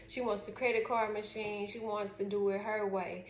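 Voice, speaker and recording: A woman's voice: medium pitch, level tone, moderate pace. A middle-aged woman with a Southern US accent tells a frank, rambling story about her daughter in a casual vlog, full of fillers. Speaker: mother. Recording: roomy echo, faint background noise.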